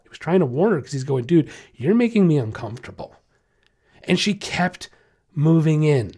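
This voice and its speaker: A man's voice: a little high, a little mellow. A man hosting a podcast about dogs, telling a story in a blunt, frank and emphatic way. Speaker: podcast host and dog trainer. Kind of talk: casual podcast monologue.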